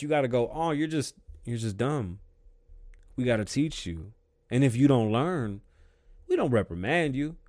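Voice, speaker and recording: Heated, profane male ranter. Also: fairly high pitch. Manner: heated, swears constantly, swings loud and quiet. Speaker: show host. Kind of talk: profane opinion rant.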